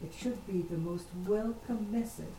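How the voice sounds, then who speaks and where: Earnest woman congregant, very low voice, roomy echo and clear background noise. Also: normal speed. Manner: earnest, emphatic. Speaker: congregation member. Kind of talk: sermon comment.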